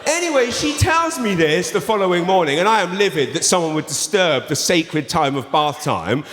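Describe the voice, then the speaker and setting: A man's voice: sits high, animated, moderate pace, fairly bright tone, a little hiss or hum. An English man in his thirties performing a stand-up set, animatedly telling a story and acting out the people in it. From England. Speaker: stand-up comedian. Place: large theatre before a laughing audience. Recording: roomy theatre echo with long reverb.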